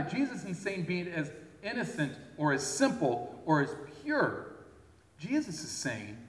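Male preacher, relaxed conversational sermon delivery, roomy hall sound. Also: high voice. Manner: conversational, checks in with the audience. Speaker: pastor. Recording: echoey hall.

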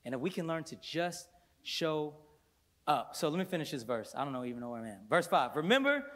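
Brief: male worship pastor, high-pitched voice, fervent sermon in a church with loud peaks and quiet intense passages. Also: brisk. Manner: fervent preaching with sudden loud bursts and hushed stretches; playful storytelling asides with laughter. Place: church sanctuary before a congregation.

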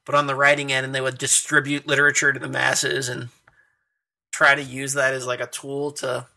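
A man's voice: mid-range voice, monotone, a little fast, creaky, bright, forceful tone. A man telling stories in casual conversation, chatty and laughing often. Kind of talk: casual conversation about poetry.

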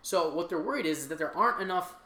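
A woman co-hosting a casual comedic chat, from Chicago, loud and profane as she riffs. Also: lowish voice, animated, fast. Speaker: podcast co-host. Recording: echoey room.

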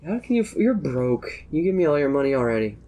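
A man's voice: a little high, fast. A man voicing a sassy female barkeep who teases and gushes at the regulars. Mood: scolding. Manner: teasing, gushing, mock-excited.

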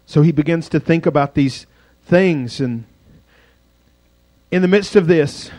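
A man's voice: fairly high pitch, a little slow, no echo. Dramatic storytelling male pastor. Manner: dramatic, swings from loud to hushed. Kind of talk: storytelling sermon.

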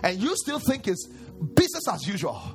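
High-voiced preacher, sing-song. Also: male voice, huge pitch swings, fairly quick, faint music behind. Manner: sing-song preaching with call-and-response questions. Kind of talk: sermon.

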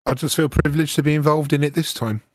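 A man's voice: a little high, fairly even intonation, fast talker, dry recording. A man playing a tabletop game, chatting earnestly with friends. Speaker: player. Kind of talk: casual tabletop game chat.

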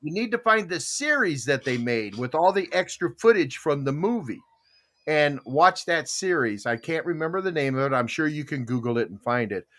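Man, show host, lively swinging pitch, bright tone, casual chat, laughs a lot. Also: moderate pace. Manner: animated, laughs often, reads viewer comments aloud. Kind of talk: casual live-stream chat.

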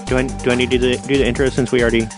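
A man's voice: mid-range voice, level tone, racing. Man, podcast co-host, casual banter, dry teasing, faint music underneath.

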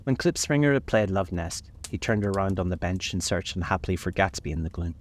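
A man narrating a classic novel in a measured, reflective reading, slowing on key passages. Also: sits low, lively intonation, a little hiss or hum.

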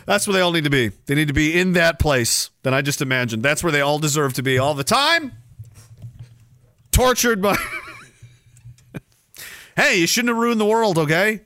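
A man hosting a podcast, ranting with sarcasm and bursting into shouting now and then. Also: a little high, expressive, normal speed, pauses often, dry recording, clean studio sound. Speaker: podcast host. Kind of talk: ranting commentary.

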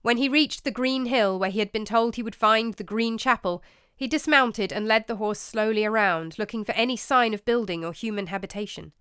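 A woman narrating a story in a measured, expressive storybook manner. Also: on the high side, smooth, no echo, studio quality.

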